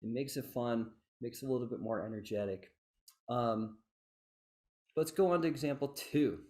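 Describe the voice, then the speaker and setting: A man teaching a fife rhythm lesson on a video call, chanting rhythm syllables with lively inflection and joking asides. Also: medium pitch, moderate pace. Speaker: fife instructor. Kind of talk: online workshop lesson.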